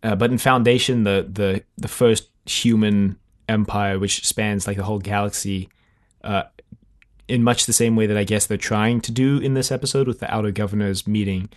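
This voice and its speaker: A man's voice: lowish voice, fairly even intonation, moderate pace. A man co-hosting a podcast, talking casually and thinking aloud with many fillers and restarts. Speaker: podcast co-host.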